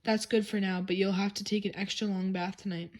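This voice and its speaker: A woman's voice: mid-range voice, little pitch movement, a little fast, darkish tone, close to an everyday voice. A woman voicing a caring but firm mother scolding her young son in a children's storybook reading.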